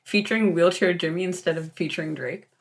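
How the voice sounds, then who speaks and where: A woman co-hosting a podcast in casual chat, playful and quick to laugh. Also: fairly low pitch. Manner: laughs easily, playful banter. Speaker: podcast co-host.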